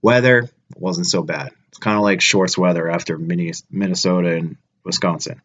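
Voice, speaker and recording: A man's voice: sits low, steady tone, normal speed, fairly bright tone, lo-fi sound. A man talking casually to camera as a travel vlogger, blunt and ranting with plenty of swearing. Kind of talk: casual vlog chat to camera.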